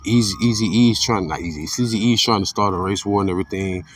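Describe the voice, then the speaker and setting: A man giving an informal religious commentary monologue. He is blunt and profane, repeats himself, and swings between fired-up outbursts and low muttering. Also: fast talker, recorded from a distance, a little hiss or hum.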